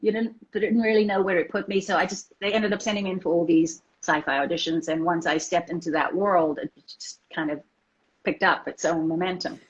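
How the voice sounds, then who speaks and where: Fast-talking woman on muffled audio. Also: on the low side, steady tone. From South Africa. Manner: fast-talking with many restarts. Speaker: actress guest. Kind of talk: casual interview chat.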